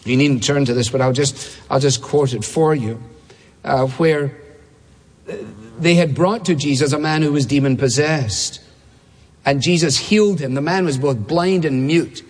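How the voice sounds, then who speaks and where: A man preaching a sermon, emphatic, repeating key phrases and slowing down to stress words. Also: fairly high pitch. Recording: long hall reverb.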